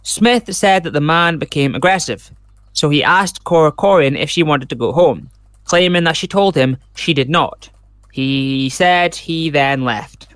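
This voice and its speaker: On this true crime podcast, the male host speaks a little slowly in a fairly bright voice on the high side. He rambles, reading case details out loud with casual asides, and the studio-quality recording has no room sound.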